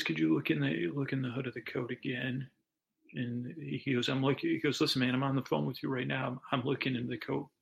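This is a man spinning a rambling, improvised bedtime story for a podcast audience. His voice sits at an ordinary pitch but is heavily gravelly, thick with fry. He meanders through asides and restarts as he goes. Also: fairly bright tone.

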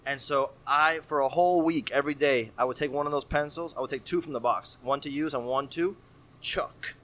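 Animated profane man telling a story. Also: a little high, brisk. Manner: animated, profane, acts out voices. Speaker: podcast guest. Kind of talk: casual storytelling.

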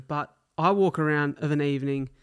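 A man's voice: on the high side, moderate pace, fairly bright tone. Chatty Australian man telling a story. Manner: chatty, slangy, swears casually. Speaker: podcast host. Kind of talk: solo podcast storytelling.

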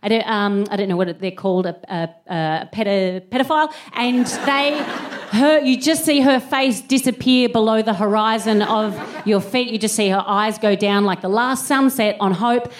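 A woman's voice: medium pitch, fairly even intonation, moderate pace, a little hiss or hum. A woman in her thirties performing a live stand-up routine, telling comic stories and breaking into bursts of scat singing. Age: 30s. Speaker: comedian.

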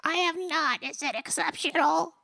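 Bright high-voiced playful woman. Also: vocal fry, no room sound. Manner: playful, quick asides, laughs often. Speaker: player. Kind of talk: tabletop game play, casual chat.

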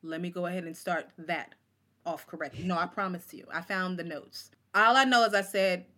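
A woman poet in her forties, a guest on a talk show, telling stories in an animated, casual way and acting out the voices of people she quotes. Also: on the low side, moderate pace. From Oakland, California. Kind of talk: casual interview storytelling.

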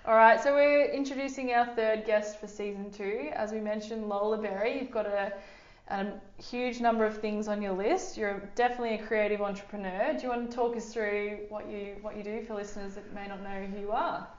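A woman's voice: medium pitch, steady tone, fairly quick. Female podcast co-host, echoey audio. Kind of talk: casual chat. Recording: echoey, dull room audio.

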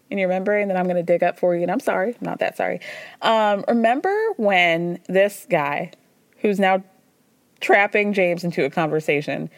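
A chatty woman runs a solo recap podcast, gossiping bluntly with an easy swear here and there. Her voice sits at an ordinary middle pitch, and the recording is close and dry with no room sound. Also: no echo. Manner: chatty and gossipy, acts out quotes. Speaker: podcast host.

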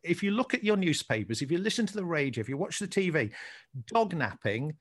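Man, scouse accent, co-host, animated pitch, slightly high voice, chatty storyteller. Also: fairly quick. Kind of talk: casual podcast chat.

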